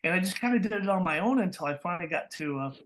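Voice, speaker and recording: A man from California, a voice actor, telling stories in an interview with lively energy, laughing often and acting out the voices he quotes. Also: high-pitched, racing, slight background noise. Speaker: guest, voice actor. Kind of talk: interview storytelling.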